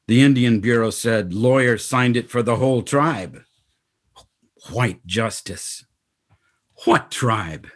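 A man narrating a spoken-word story in terse, poetic fragments. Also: mid-range voice.

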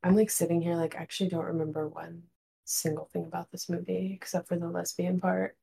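A woman's voice: lowish voice, flat delivery, fairly quick, creaky, mellow, a little hiss or hum. A woman in her twenties co-hosting a podcast in casual chat, giggly and wry. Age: 20s. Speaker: podcast co-host.

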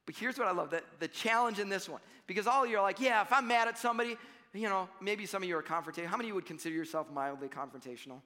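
Bright high-voiced man preaching in a hall. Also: very fast, few pauses. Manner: animated, conversational preaching with shifts between loud emphasis and quiet asides. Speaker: pastor. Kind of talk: sermon.

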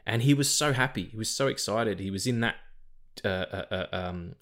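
A man's voice: on the low side, moderate pace, a bit bright. An Australian man co-hosting a podcast in casual chat, rambling and swearing, often repeating words as he stumbles. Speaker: podcast co-host.

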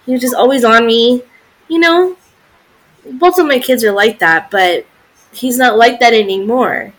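A woman's voice: on the high side, a little slow. A woman in her forties, co-hosting a podcast in casual chat, talking in a chatty, sympathetic way with many fillers. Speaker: podcast co-host.

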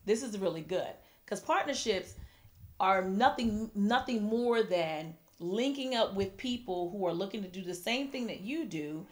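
A young adult woman hosting a casual real estate podcast, chatty and teasing. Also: mid-range voice. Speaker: podcast host. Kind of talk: casual chat.

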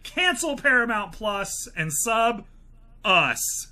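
A man's voice: high voice, lively intonation, moderate pace, bright, forceful tone. A man co-hosting a movie podcast in playful, casual chat. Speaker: podcast co-host.

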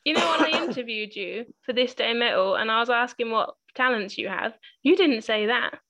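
A woman's voice: a little high, moderate pace, very noisy. A woman hosting a podcast, chatting casually in an enthusiastic, teasing way. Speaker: podcast host. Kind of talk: casual chat.

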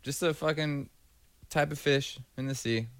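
A man's voice: a little high, fairly even intonation, a little slow, a bit bright, smooth, dry recording. A man co-hosting a podcast in casual chat, joking and crude in a laid-back way. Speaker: podcast co-host.

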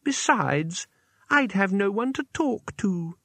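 A man reading the lines of a young girl, Death's daughter, with a high, slow and sweetly menacing delivery. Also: lively intonation, fairly bright tone, no echo, exaggerated voice.

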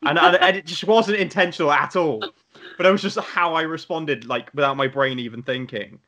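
A man's voice: a little high, moderate pace, a bit bright. A young man from Britain in casual podcast chat, rambling and drifting off on tangents. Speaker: podcast co-host.

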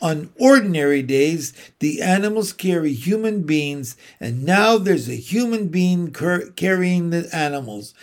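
A well-mannered young girl from a children's storybook, earnest and eager to explain, speaking slowly with a lively lilt, as a man reads her. She sounds careful and sincere. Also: on the high side. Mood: apologetic. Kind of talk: storybook read aloud.

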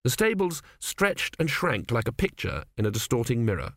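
A man narrates a comic fantasy novel in a measured, wry storytelling voice. His pitch sits in the middle range. The recording is dry and close, with no room sound. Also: sing-song, fairly bright tone, no echo. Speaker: audiobook narrator.

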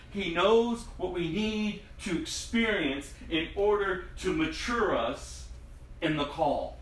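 A man's voice: mid-range voice, fairly bright tone, slight background noise. A man preaching a sermon in a dramatic, emphatic way, his voice rising and falling sharply. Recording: echoey room, distant mic.

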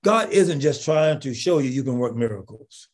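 Husky-voiced man preaching emphatically. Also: medium pitch, animated, moderate pace. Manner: emphatic, asks the audience rhetorical questions; bursts into shouted emphasis. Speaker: bishop, preacher. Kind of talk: impassioned preaching.

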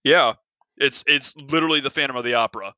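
A man's voice: medium pitch, fast talker, pushed and bright, dry recording. A man co-hosting a casual movie review chat, joking and laughing often. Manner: jokey, laughs often, mock quotes. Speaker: podcast co-host.

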